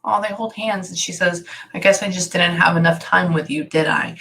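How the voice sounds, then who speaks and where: A woman with a bright, forceful voice works as a medium during a channeling session. She talks in bursts, keeps stopping herself and circles back to repeat her words. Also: on the low side, vocal fry, slight background noise. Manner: halting, animated, many self-interruptions. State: tearful at times. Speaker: psychic medium.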